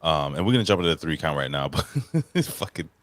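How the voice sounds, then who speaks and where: A man co-hosting a wrestling podcast, talking in an excited, profane, rambling casual way. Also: a bass voice, fast, no room sound. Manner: excitable, profane, jumps between topics. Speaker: podcast co-host. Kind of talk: casual chat.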